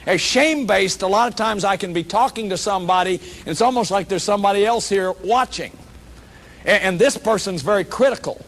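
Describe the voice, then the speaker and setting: A man's voice: high voice, fairly quick, a bit bright. A man giving a workshop lecture to an audience, talking animatedly, acting out quoted voices and often restarting his sentences. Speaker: lecturer on shame and addiction.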